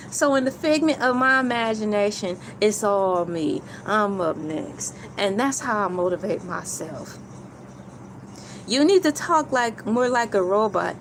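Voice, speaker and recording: A woman's voice: medium pitch, a little hiss or hum, poor audio. A woman hosting a casual livestream, playfully talking through a list of points. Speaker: YouTube livestream host.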